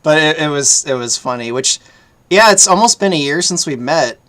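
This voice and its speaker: Guy hosting a laid back chat, smooth voice, kinda quiet, laughs easy. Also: a little high, animated, moderate pace. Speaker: host. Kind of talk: casual chat.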